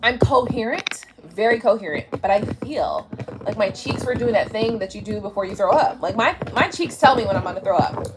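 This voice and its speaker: A woman's voice: medium pitch, lively intonation, brisk, heavy background noise. A woman hosting a tarot live stream, talking casually and bluntly with lots of profanity, a little drunk, lying down at home and speaking into her tablet's mic. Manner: blunt, profane, chatty, laughs often. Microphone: tablet camera mic.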